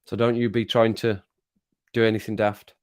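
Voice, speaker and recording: A man's voice: on the low side, level tone, normal speed, clear, resonant tone. A middle-aged man hosting a casual live stream, teasing viewers, laughing often and repeating his phrases as he reads the chat. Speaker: livestream host reading chat.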